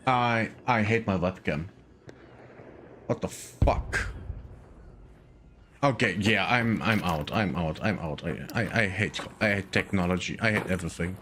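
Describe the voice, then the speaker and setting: A man's voice: sits low, a little slow, pauses often, a bit bright, a little hiss or hum. A man streaming a video game in casual chat, muttering to himself and swearing a lot. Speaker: gaming streamer.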